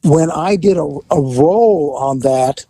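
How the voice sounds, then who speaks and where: A man's voice: fairly high pitch, slow, dry recording. Profane storytelling man, dry sound. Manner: animated, profane, acts out dialogue. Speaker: podcast host and former police officer. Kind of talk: casual storytelling.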